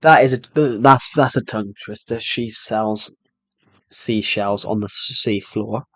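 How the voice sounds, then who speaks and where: A man's voice: fairly low pitch, measured pace, a bit bright, no room sound, faint music behind. Rambling streamer guy, dry sound. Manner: rambling, self-deprecating, stumbles over words. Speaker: livestreamer. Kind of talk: casual live-stream chat while playing.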